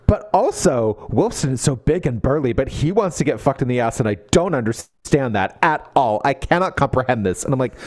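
A man co-hosting a podcast, recapping a book in casual, profane chat full of "like" and quick character voices. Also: on the high side. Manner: animated, profane, lots of "like", slips into character voices. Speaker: podcast co-host.

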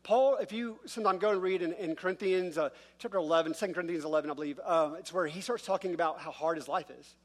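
Conversational high-voiced male pastor. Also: fast talker, few pauses. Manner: conversational, self-deprecating, acts out quoted voices. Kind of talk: sermon.

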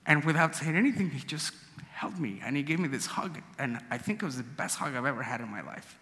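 A man from Guatemala telling a personal story to an audience, emotional and animated, acting out the dialogue. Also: on the high side, a little fast, slight background noise. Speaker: storyteller guest. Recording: long hall reverb.

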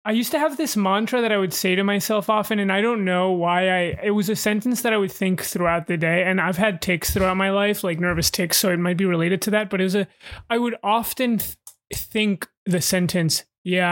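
A man's voice: high voice, normal speed, a bit bright. A man who is a comedian, co-hosting a podcast in a wry, meandering, casual way.

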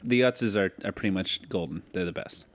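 A man's voice: sits low, brisk. A man co-hosting a casual chat, loose and rambling, with crude asides. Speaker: podcast co-host.

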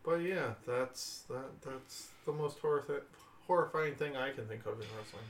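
A man's voice: medium pitch, normal speed, slight background noise. A man co-hosting a casual podcast chat, making wry, sweary asides in an echoey room. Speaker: podcast co-host.

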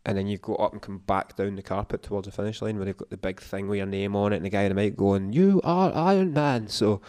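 Low-voiced man telling a story, dry sound. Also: monotone, fast, darkish tone, dry recording. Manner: emotional, swearing storyteller. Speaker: podcast guest. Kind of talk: casual interview chat.

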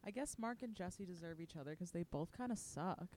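A woman's voice: on the low side, lively intonation, fairly quick, a little mellow. A woman co-hosting a podcast, adding dry, sarcastic asides in casual chat. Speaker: podcast co-host.

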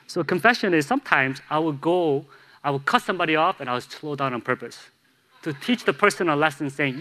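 A man's voice: a little high, expressive, brisk, sharp tone. A man from Chicago preaching a sermon as a pastor, telling candid, self-deprecating stories with humor. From Chicago, USA.

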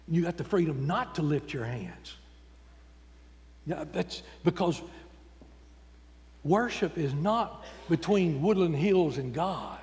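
A man's voice: a little high, darkish tone. A man preaching a folksy, emphatic sermon in a church. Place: church sanctuary. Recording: long church reverb.

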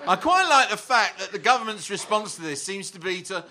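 Male comedian, very bright sharp tone, high, dry sarcasm. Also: animated, a little fast. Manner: dry, sardonic. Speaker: comedian panelist. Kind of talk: comedy panel banter.

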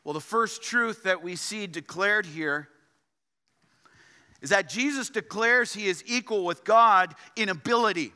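A male pastor preaching from the pulpit of a church, his high, bright voice hammering home points with emphatic repetition. Long reverb trails every phrase. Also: unhurried, clear, resonant tone. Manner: emphatic, repeats key phrases for stress. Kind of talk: sermon. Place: church sanctuary.

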